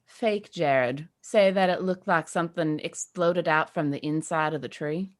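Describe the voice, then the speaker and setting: A woman's voice: low-pitched, a little slow. Woman, tabletop player, casual, dry wit.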